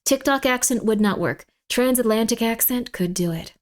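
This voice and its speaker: A woman's voice: on the high side, normal speed. A woman streamer chatting casually on a livestream, rambling and playfully emphatic.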